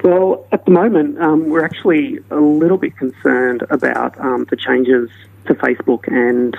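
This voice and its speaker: A man's voice: medium pitch, level tone, creaky, slightly rough. An Australian man, a researcher interviewed on radio, explaining carefully with frequent ums. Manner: measured, explanatory, many ums. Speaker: guest researcher. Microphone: phone line. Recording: tinny phone line.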